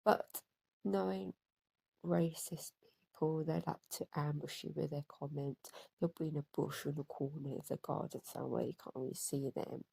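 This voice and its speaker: A woman's voice: low voice, fairly even intonation, normal speed, vocal fry, a little mellow, slightly rough, no echo, rough recording. A woman vlogging, angry and upset, talking hesitantly with a lot of fillers and self-corrections. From Britain. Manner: hesitant, stuttering, with many fillers. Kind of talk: personal vlog rant.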